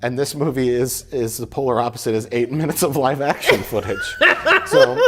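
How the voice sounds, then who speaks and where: A man's voice: medium pitch, brisk. A man chatting casually about movies as a reviewer, rambling and joking, often breaking into laughter. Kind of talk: casual chat.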